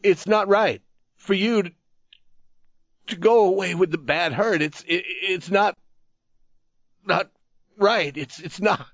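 A man voicing a wounded, tattered soldier who talks in a halting, pleading way and repeats himself. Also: medium pitch, animated, slightly rough, no room sound, highs cut off.

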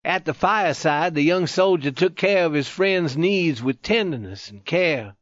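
A man's voice: a little high, lively intonation, unhurried, no echo. Man narrating a book, dull lo-fi sound. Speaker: audiobook narrator. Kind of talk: scripted narration.

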